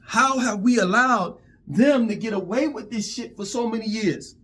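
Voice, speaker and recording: A man's voice: sits high, moderate pace, fairly bright tone, husky. A man delivering a heated, profane vlog rant, often stammering over repeated words. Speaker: vlogger. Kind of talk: angry monologue rant.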